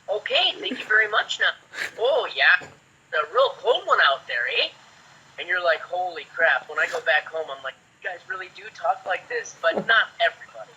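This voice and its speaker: A man in his forties, an actor guest, telling chatty, lively anecdotes in a casual way. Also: fairly high pitch, husky. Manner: lively, chatty, acts out quotes. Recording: dull lo-fi sound.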